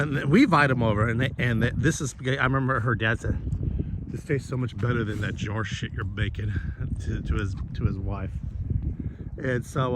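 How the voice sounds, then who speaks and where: A man's voice: medium pitch, very noisy. A man chatting casually while he cooks, rambling and cursing, with many restarts. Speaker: vlogger and host.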